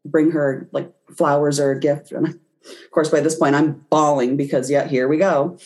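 A woman's voice: deep voice, fairly even intonation, moderate pace, a little mellow. A woman guest in an interview, telling a personal story and acting out her own reactions as she goes. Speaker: guest, intuitive reader.

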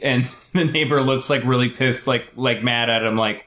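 A man's voice: mid-range voice, fairly even intonation, normal speed, a bit bright, roomy sound. A man chatting casually as a podcast co-host, playful, stammering at starts and acting out quoted lines. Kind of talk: casual chat.

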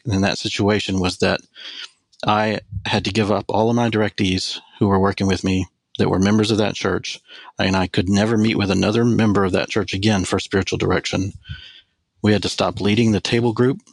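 A man in his forties, a spiritual director, telling a personal story as a podcast guest in an earnest, measured way. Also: fairly low pitch, no room sound. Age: 40s.

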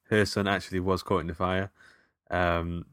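A man with a very deep voice that still cuts through with a bright, sharp edge. He chats about a film in a halting, jokey way, trailing off with ums. The sound is close and dry. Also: little pitch movement, smooth, no room sound. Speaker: podcast co-host. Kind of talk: casual film review chat.

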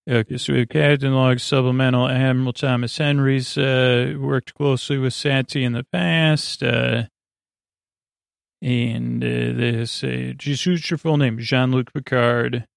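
A man with a gravelly voice and a flat, even delivery meanders through a TV episode recap, pausing often on filler sounds. The recording is dry and close, with no room sound at all. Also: medium pitch, dry recording. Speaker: podcast host. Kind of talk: rambling episode recap for sleep.

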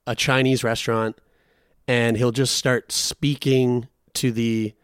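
A man of middle pitch chatting casually on a podcast and wandering off into long, animated tangents. He swears freely and laughs easily. The recording is close and dry. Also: slow pace, smooth, no room sound. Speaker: podcast co-host. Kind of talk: casual chat.

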